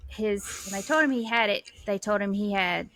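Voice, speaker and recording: A woman's voice: medium pitch, normal speed, a bit bright, dry recording. A woman co-hosting a podcast, teasing her partner and telling family stories. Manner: teasing, sassy, storytelling. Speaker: podcast co-host. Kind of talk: casual chat.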